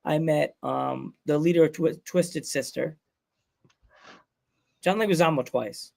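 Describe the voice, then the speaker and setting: A man chats as a podcast host, wandering from joke to joke. His voice sits a little high and has a gravelly fry to it. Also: a little slow, a little mellow. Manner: rambling, jokey storytelling. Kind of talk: casual chat.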